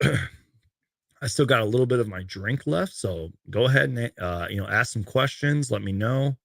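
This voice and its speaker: A man's voice: medium pitch, lively intonation, normal speed, gravelly, no echo, clean studio sound. A man hosting a casual sports livestream, reading out game stats and viewer comments in a loose, rambling way. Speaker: sports fan livestream host. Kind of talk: casual live-stream chat.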